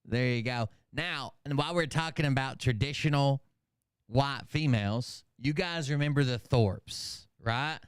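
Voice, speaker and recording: A man talks through his commentary in a loose, rambling way, with swearing dropped in. His voice is smooth and resonant. The recording is dry and close. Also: medium pitch, a little slow, no echo. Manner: rambling, profane, conversational. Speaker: commentary channel host. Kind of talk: casual reaction commentary.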